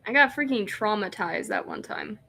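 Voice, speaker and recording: A young woman streaming a game, reading its text aloud and chatting excitedly, often laughing and rambling. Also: medium pitch, normal speed, vocal fry. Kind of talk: casual let's-play chat, reading game text aloud.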